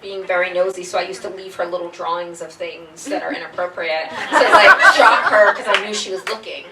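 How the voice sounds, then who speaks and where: A woman author talking casually on a panel, animated and jokey, often breaking into laughs. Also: fairly low pitch, fairly quick. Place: bookstore event room with audience. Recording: echoey room, distant mic, crowd noise.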